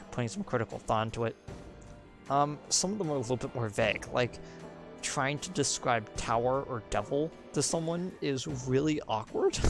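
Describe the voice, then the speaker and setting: A young man streams a video game and rambles through casual commentary, filling his speech with ums and likes. His voice has a gravelly, fry-heavy edge. Faint game music plays underneath. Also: medium pitch.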